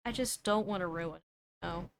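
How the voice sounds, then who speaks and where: A woman's voice: lowish voice, fairly quick, a little hiss or hum. A young woman streamer chatting casually while she draws, thinking aloud and doubting herself as she goes. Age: young adult.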